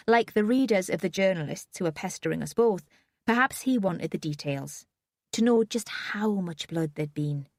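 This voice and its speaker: A woman's voice: mid-range voice, no room sound, clean studio sound. A woman reading a first-person audiobook in a subdued, wry manner. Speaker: audiobook narrator.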